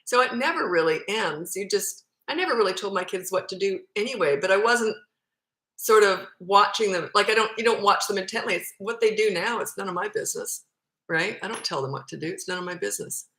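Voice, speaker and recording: A woman's voice: medium pitch, lively intonation, a little fast, a bit bright, echoey room, low-quality recording. A woman in her fifties, a parenting coach, answering viewer questions in a blunt, matter-of-fact way. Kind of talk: casual Q&A advice.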